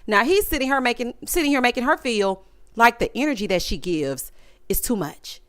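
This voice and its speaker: A woman's voice: fairly high pitch, expressive, moderate pace, a bit bright. A woman giving emphatic, sassy commentary on a reality dating show, talking straight to the people in it and acting out their quotes. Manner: acts out quotes in shifting voices. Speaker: recap vlogger.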